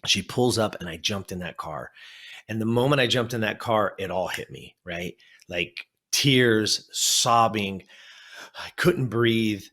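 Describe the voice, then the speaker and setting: A man's voice: fairly low pitch, unhurried. A man in his fifties from Southern California, a life coach on an interview show, vividly telling a personal story. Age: 50s. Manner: animated storyteller who acts out his memories.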